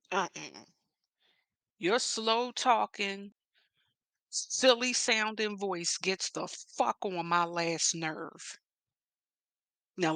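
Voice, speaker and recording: A woman's voice: lowish voice, pushed and bright, dry recording. A woman with a Philadelphia accent giving sassy, emphatic gossip commentary, swearing freely and leaning hard on stressed words. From Philadelphia area. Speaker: commentary vlogger.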